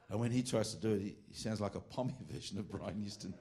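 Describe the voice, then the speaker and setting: Joking Australian preacher, rambling asides. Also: male voice, lowish voice, fast, few pauses, dark tone. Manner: rambling and joking, with frequent asides and self-corrections. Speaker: preacher teaching a ministry class. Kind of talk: informal sermon.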